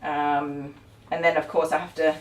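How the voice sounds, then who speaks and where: A woman's voice: low voice, little pitch movement, moderate pace, distant mic. A middle-aged woman, hosting a casual live stream as a dog groomer, rambling and chatty with many ums and laughs. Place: grooming salon. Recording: roomy, from off the mic.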